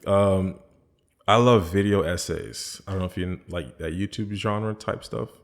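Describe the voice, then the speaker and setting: A man with a very low voice talking as a guest on a podcast. He tells his stories in an animated way and acts out the lines of the people in them. The talk is relaxed and unscripted. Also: measured pace. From Caribbean island family background. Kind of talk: casual chat.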